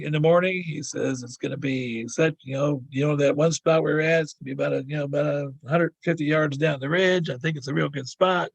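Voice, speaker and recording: Older guy rambling through a story, gravelly husky voice, keeps repeating himself, does the voices of the people he quotes. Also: fairly high pitch, dry recording. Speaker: guest sharing encounter stories. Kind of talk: casual storytelling.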